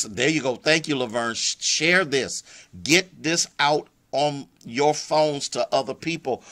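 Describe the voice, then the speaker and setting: A man's voice: medium pitch, fairly bright tone. A man preaching a live-streamed sermon with an American accent, greeting viewers by name as he goes, fervent and personal, with many restarts and repeated words. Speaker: pastor.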